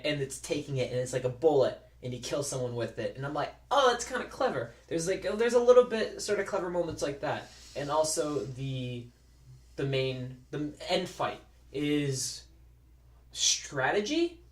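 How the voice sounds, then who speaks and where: A man's voice: medium pitch, roomy sound. A man chatting casually as a movie reviewer, jokey and rambling.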